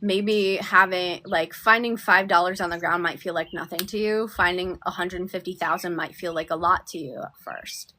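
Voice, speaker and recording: A woman coaching viewers on manifestation in a soft, affectionate live-stream talk, often sinking to near-whispers. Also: on the low side, steady tone, normal speed, few pauses, slight background noise. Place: outdoors.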